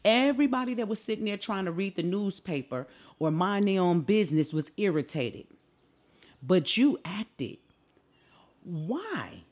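Impassioned woman with a lively voice. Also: medium pitch, unhurried. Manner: impassioned, indignant, rhetorical questions. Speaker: podcast host. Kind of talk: opinionated solo podcast commentary.

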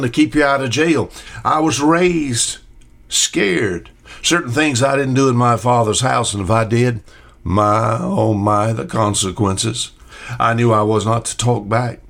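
A man's voice: fairly low pitch, a bit bright. An older man giving a short radio Bible talk as preacher, folksy, often repeating questions and answering imagined listeners.

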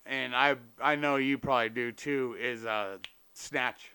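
A man's voice: mid-range voice, steady tone, measured pace, bright, forceful tone, clear, resonant tone. A man hosting a podcast in casual chat, laid-back and slangy, swearing freely as he tells stories. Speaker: podcast host.

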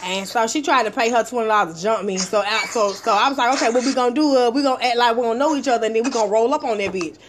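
Profane animated woman, high voice. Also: racing, hardly any pauses, a little hiss or hum. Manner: profane, animated, acts out quotes. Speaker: storyteller in a casual talk. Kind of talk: casual chat, storytelling.

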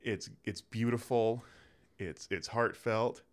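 A man's voice: fairly low pitch, steady tone, slow pace. A young man co-hosting a podcast in casual chat, enthusiastic and often repeating words as he starts a sentence. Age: young adult. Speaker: podcast co-host.

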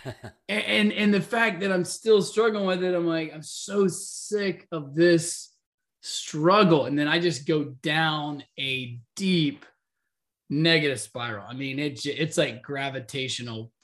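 A man co-hosting a podcast tells stories in casual chat, animatedly acting out quoted lines and laughing along. His voice is a little high and he talks at a normal speed.

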